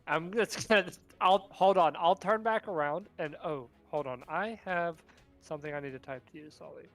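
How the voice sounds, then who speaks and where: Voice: medium pitch, moderate pace, soft background music. A player in a tabletop game, speaking casually and giggling between lines.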